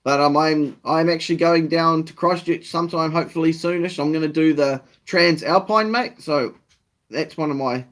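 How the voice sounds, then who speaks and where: A man's voice: on the high side, normal speed, a bit bright. Laid-back New Zealand man streaming live. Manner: laid-back, swears freely, reads out viewer comments. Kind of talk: casual live-stream chat.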